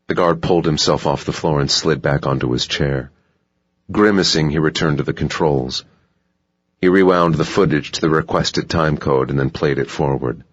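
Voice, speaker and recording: A male narrator with an extremely deep, husky voice reads the story in a steady, even manner. The recording is dry and dull, like a muffled audiobook. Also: normal speed, dry recording. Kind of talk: scripted narration.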